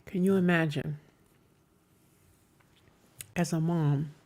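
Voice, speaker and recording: A woman hosting a live stream, telling a story with emphasis and sometimes dropping into hushed whispers. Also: low-pitched, steady tone, slow, a little hiss or hum. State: coughing at times. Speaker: stream host reacting to videos. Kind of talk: casual storytelling commentary.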